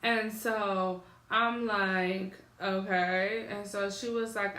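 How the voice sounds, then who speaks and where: A woman's voice: mid-range voice, steady tone, slow pace, pushed and bright, echoey room. A woman vlogger telling a story at home, acting out both sides of phone calls. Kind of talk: casual storytelling. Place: at home on her couch.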